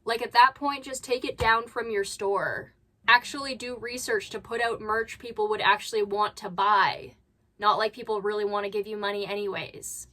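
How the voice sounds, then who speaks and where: Bright, blunt woman reaction host. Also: medium pitch, steady tone, normal speed. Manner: blunt, critical, sarcastic asides. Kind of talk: casual reaction commentary. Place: at home.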